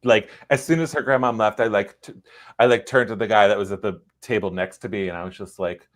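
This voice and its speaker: Male novelist and co-host, very low voice, relaxed rambling storyteller in casual livestream chat. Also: brisk. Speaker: young adult novelist and podcast co-host.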